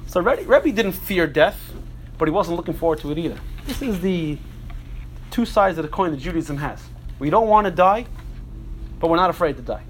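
Animated man teaching a Torah class. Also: a little high, moderate pace, long pauses. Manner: animated, frequent rhetorical questions to the group; repeats and restarts phrases while thinking. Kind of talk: Torah class lecture to a group.

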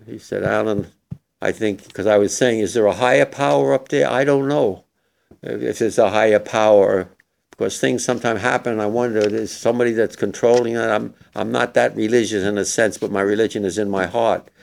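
An older war veteran giving an emotional, halting memorial speech to young people in a hall. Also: male voice, fairly low pitch, fairly even intonation, gravelly, darkish tone.

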